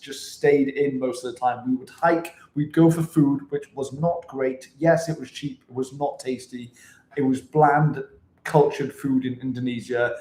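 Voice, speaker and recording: A man vlogging in casual chat to camera, energetic and chatty, swearing freely, from his apartment. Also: medium pitch. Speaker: travel vlogger. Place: apartment room, indoors. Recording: roomy echo in an apartment.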